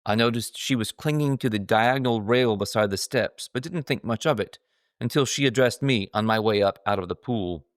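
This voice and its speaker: A man's voice: mid-range voice, a little fast, dry recording, studio quality. A middle-aged man narrating his own memoir in a wry, self-mocking storytelling manner.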